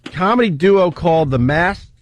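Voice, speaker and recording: A man's voice: fairly high pitch, lively intonation, normal speed, a little hiss or hum. Loose, laughing male radio host. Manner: loose, filler-heavy, laughs often. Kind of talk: casual radio talk show banter.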